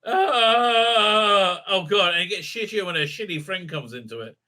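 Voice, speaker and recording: Male reviewer, sarcastic and foul-mouthed, stumbling through fillers; sharp, somewhat high voice. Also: expressive. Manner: sarcastic, profane, halting with many fillers. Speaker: TV show reviewer. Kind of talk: ranting recap and review.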